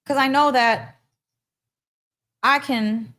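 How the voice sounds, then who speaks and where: A woman's voice: sits high, steady tone, takes it slowly, fairly bright tone. A woman hosting a podcast, giving a casual, heartfelt spiritual pep talk, laughing often and speaking emphatically. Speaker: podcast host.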